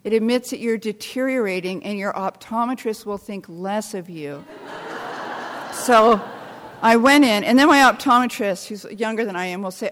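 An older woman giving a talk to an audience, telling wry, self-deprecating stories in an animated way. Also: medium pitch, moderate pace. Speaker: speaker. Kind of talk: storytelling talk to a live audience. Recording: long hall reverb.

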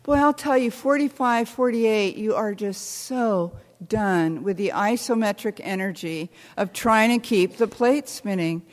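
An older American woman telling stories with wry humor, talking haltingly with many restarts. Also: medium pitch, big-room sound. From United States. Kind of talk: reflective storytelling talk.

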